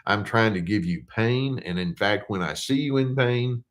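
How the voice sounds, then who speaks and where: An older American man with a lowish voice works through viewer questions as a therapist in casual, explanatory talk. He's easygoing and conversational, full of ums, uhs and restarted phrases, and he slows right down whenever he reads a question aloud.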